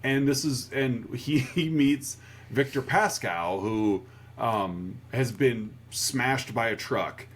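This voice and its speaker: A man's voice: medium pitch, takes it slowly. A man co-hosting a casual movie podcast who retells scenes jokingly and slips into character voices. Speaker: podcast co-host.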